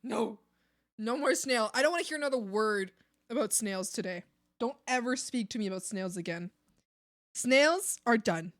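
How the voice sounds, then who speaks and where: A woman's voice: a little high, brisk, no room sound, clean studio sound. A woman streamer chatting casually with her chat, playful and teasing, laughing often into a desk mic. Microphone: desk microphone.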